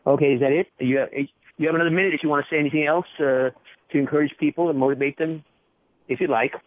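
A man's voice: a little high, fairly even intonation. A male radio show host talking casually, rambling and spelling out contact details letter by letter. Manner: rambling, spells things out slowly. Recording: tinny phone-like radio audio.

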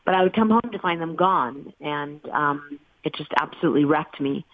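Middle-aged woman, low and earnest, heartfelt storyteller; tinny dry phone line. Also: normal speed, dry recording. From United States. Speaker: guest, animal sanctuary founder. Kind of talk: telling her life story in an interview.

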